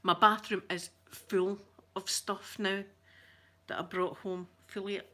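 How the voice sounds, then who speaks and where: A middle-aged Scottish woman with a medium-pitched voice rambles through stories for her viewers. She giggles often and drops into soft asides mid-sentence. Her delivery is loose and friendly, like a host chatting with a live chat. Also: little pitch movement, slow pace. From Scotland. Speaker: ASMR channel host. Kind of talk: chatty livestream talk.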